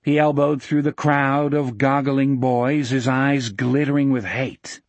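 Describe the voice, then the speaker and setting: A man narrating a novel in a measured, dramatic storytelling manner on a close mic. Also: medium pitch, flat delivery, no echo. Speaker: audiobook narrator. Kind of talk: scripted narration.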